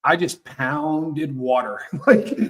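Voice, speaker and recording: A man's voice: a little high, slow pace. Man telling jail stories, acting out quotes. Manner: storytelling with acted-out quotes and frequent restarts. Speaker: host. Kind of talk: casual live talk show chat.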